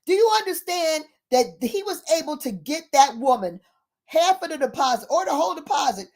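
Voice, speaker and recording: A woman with a fairly high voice telling a story in a casual, chatty way. She is animated and uses plenty of fillers. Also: a little fast. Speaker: speaker.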